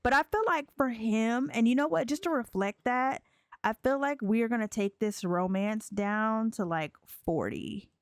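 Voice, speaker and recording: A woman's voice: a little high, no echo, studio quality. A woman casually narrating a life-sim game, chatty and giggly. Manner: chatty, giggly, slow drawl. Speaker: let's play creator.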